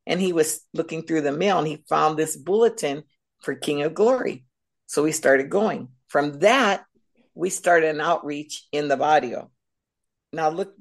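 A middle-aged woman shares her faith testimony as a podcast guest, telling it with lively storytelling energy. Her voice sits low and has a gravelly fry running through it. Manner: animated storyteller. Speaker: guest speaker.

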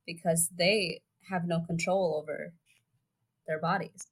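A woman's voice: on the low side, fairly even intonation, unhurried, slightly rough. A woman co-hosting a casual book podcast who talks loosely, with lots of "like" in her sentences. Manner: chatty, says "like" a lot. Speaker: podcast co-host.

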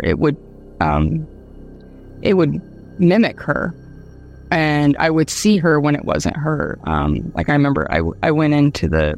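A woman from Ohio, a guest telling a personal story in a halting way, with many fillers, restarts and nervous laughs. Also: deep voice, gravelly. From Dayton, Ohio, USA. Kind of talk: casual storytelling.

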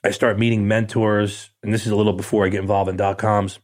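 In a casual interview, a middle-aged guest animatedly recounts a story, playing out the dialogue in blunt, streetwise terms. He speaks at a quick pace with a fairly low voice.

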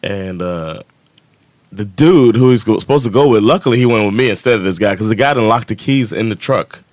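A man's voice: fairly low pitch, fairly quick, darkish tone, dry recording. A man, telling a story on a casual podcast, laughing often and acting out the voices of the people in it. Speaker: podcast co-host.

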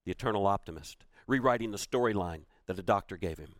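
A man's voice: deep voice, quick pace, no room sound, studio quality. A man giving a motivational keynote. He tells a personal story with emphasis and repeats key phrases for weight. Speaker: motivational speaker.

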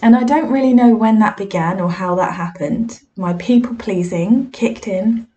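A woman's voice: mid-range voice, normal speed, dark tone, highs cut off. A woman with a mid-range voice speaks as a spiritualist medium, telling her own stories candidly and with some self-deprecation. Her delivery is reflective and conversational, like a personal monologue.

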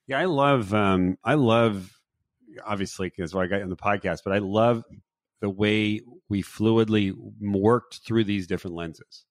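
A man with a low voice hosts a podcast chat, feeling his way through his thoughts in halting, repeated phrases. The sound is close and dry, with no room around it. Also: dry recording. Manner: halting, repeats words as he thinks aloud. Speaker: podcast host. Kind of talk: casual conversation.

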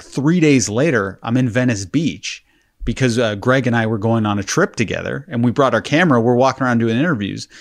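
A man co-hosting a podcast, telling a story in casual chat with an amused, rambling manner. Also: medium pitch. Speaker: podcast co-host.

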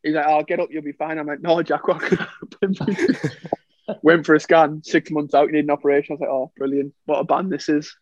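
Lad chatting on a podcast, a bit high voice, dry dull sound, keeps laughing and doing the other guys' lines. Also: male voice, steady tone, brisk, dry recording. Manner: chatty storyteller, laughs often, acts out quoted lines. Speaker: former footballer guest. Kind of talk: casual podcast chat.

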